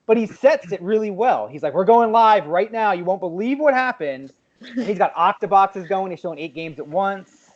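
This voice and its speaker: A man's voice: high voice, moderate pace, lo-fi sound. A man co-hosting a podcast in casual chat, acting out quoted reactions as he talks. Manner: animated, acts out quoted reactions. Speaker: podcast co-host.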